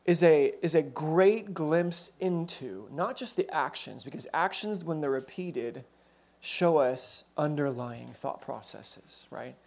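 A man with a slightly raised voice delivers a sermon as relaxed storytelling. He talks like he's chatting with the room, tossing in asides and correcting himself mid-thought. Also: on the high side, takes it slowly, gravelly, hardly any pauses. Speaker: preacher.

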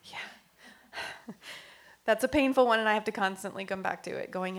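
Gravelly-voiced woman in reflective faith talk. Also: medium pitch, normal speed, pauses often. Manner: earnest, laughs often, drops to a near whisper; thinks aloud with fillers and restarts.

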